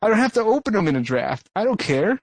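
Ranting man with a slightly high voice. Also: very animated, quick pace, slightly rough, no echo. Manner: ranting, sarcastic, profane. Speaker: podcast co-host. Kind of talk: casual chat.

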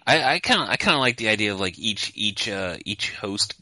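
A man's voice: animated, brisk, pushed and bright, no room sound. A man in his thirties co-hosting a podcast in casual chat, rambling and restarting as he tells stories over an internet call. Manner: rambling storyteller, stammers and restarts, acts out quotes in a high voice. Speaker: podcast co-host.

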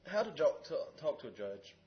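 A man's voice: fairly high pitch, big pitch swings, brisk. A man on a casual podcast who works as a card game judge, telling stories and explaining the rules. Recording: dull lo-fi audio.

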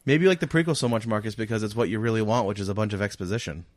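A man co-hosting a podcast in casual chat, animated and argumentative, teasing his friends and often restarting his sentences. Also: fairly low pitch, rapid-fire, a crowd in the background. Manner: rambling with many restarts. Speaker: podcast co-host.

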